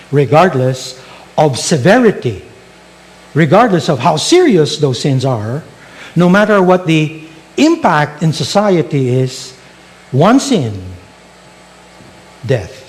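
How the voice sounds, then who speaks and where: A man's voice: on the high side, a little mellow. A male pastor preaching a sermon, telling stories and asking rhetorical questions.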